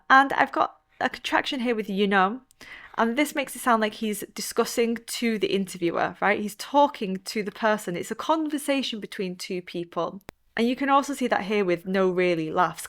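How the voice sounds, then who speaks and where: A woman teaching English in an online video lesson, friendly and direct, giving clear instructions. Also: mid-range voice, a bit bright.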